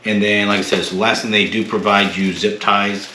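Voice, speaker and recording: A man hosting his own tech channel, unboxing and explaining a device in a relaxed way with many fillers and restarts. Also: fairly low pitch, a little fast, echoey room, noisy background. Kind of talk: casual product unboxing. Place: home room.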